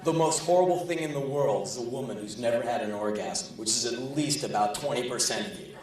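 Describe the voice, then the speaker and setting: A man's voice: medium pitch, brisk, crowd noise. Sardonic, profane male storyteller on stage. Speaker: spoken word performer. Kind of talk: live spoken word storytelling. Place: large live venue. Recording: echoey live hall, distant, audience laughing.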